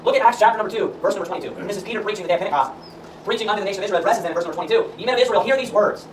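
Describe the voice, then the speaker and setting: A man's voice: sits high, very fast. A man preaching a sermon and reading scripture aloud, emphatic and full of rhetorical questions. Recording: roomy echo, far from the mic, faint room noise.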